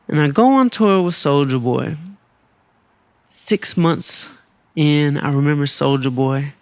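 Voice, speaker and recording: A male podcast host tells a personal story with lively energy, slipping into other people's voices as he goes. His voice sits somewhat high for a man. The recording is close and dry, with no room sound. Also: takes it slowly, pauses often, no echo. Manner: animated, acts out quoted voices. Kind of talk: storytelling monologue.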